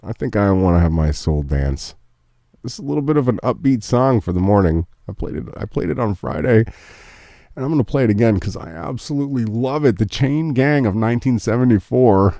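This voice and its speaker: Gravelly-voiced earnest man hosting. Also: on the low side, animated, a little fast, warm tone, dry recording, studio quality. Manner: earnest and emotional, speaks of faith. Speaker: morning show host. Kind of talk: casual live-stream chat reading memes.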